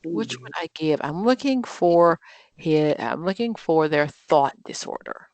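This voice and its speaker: A woman with a low, darkish voice, lively intonation and measured pace teaches a live online exam prep session in a dry recording. After reading each practice question aloud she quizzes her students and explains chattily, sprinkling in fillers and self-corrections.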